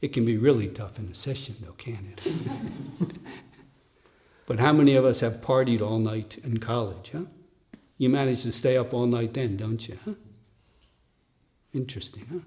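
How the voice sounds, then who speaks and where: An older man giving a dharma talk at a retreat in a slow, reflective way, often tagging his lines with "huh?" and dropping to soft, near-whispered asides. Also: mid-range voice. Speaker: dharma teacher.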